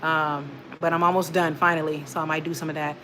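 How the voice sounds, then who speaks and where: Reading her live chat aloud, a young woman hosts a relaxed stream, addressing viewers directly and rambling with plenty of filler words. She has a low, level voice that comes across pushed and bright, talks a little fast, and there's slight background noise.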